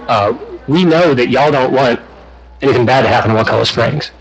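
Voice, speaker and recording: A man speaking during public comment at a county meeting. He is out of breath and talks in an earnest, halting way, with many fillers and restarts. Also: medium pitch, low-quality recording. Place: county commission meeting room.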